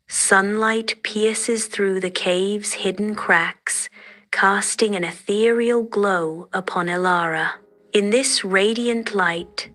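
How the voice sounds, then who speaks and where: Female fairy-tale narrator, unhurried and bright-toned, soft delivery. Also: mid-range voice. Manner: gentle, measured, dreamy.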